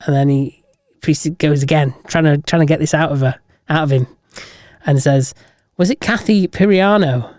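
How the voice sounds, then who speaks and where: A podcast co-host telling long jokes in a lively, casual way and laughing at the punchlines. The voice is mid-pitched, and the sound is dry and close, with no room around it. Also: moderate pace, dry recording. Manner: animated storyteller, laughs at own jokes. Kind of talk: casual joke-telling chat.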